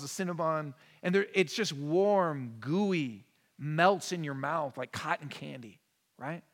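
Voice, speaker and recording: A man in his thirties preaching a conversational sermon, moving between quiet, intimate asides and rising, emphatic lines. His voice sits a bit high for a man. The sound is a church sanctuary with a long reverb tail. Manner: conversational, swings from hushed to emphatic. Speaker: pastor.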